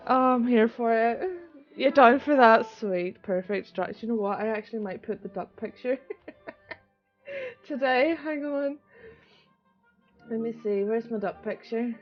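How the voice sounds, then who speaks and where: A young woman from Northern Ireland with a Northern Irish accent, chatting casually and excitably on a live stream and swearing often. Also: fairly high pitch. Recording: dull lo-fi stream audio with soft music. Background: soft music.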